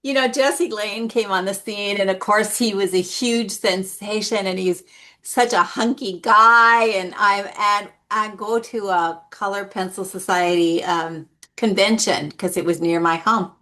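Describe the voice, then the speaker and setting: A middle-aged woman, an artist guest in an interview, telling stories in a lively, animated way. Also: a little slow. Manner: lively, animated anecdotes with big pitch jumps. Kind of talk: casual interview storytelling.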